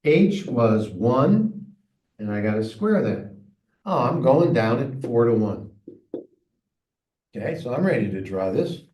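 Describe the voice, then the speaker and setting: A man's voice: medium pitch, sing-song, slow pace, pauses often, darkish tone. A male math teacher working through problems aloud in a recorded lesson, chatty and talking to himself as he solves. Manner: thinking aloud, chatty and self-talking while solving. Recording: echoey room, mic far off.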